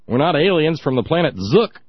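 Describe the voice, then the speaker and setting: Sarcastic man with a lively voice. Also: a little high, a little fast, slightly rough, no room sound, lo-fi sound. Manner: mocking, animated, breaks into laughs and put-on voices. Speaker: talk show host. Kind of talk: sarcastic commentary on clips.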